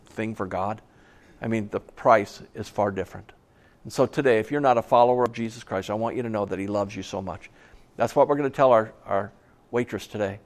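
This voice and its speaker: A middle-aged male pastor giving a sermon, driving points home by repeating them, with chatty storytelling asides. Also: fairly low pitch. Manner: emphatic, repeating key phrases.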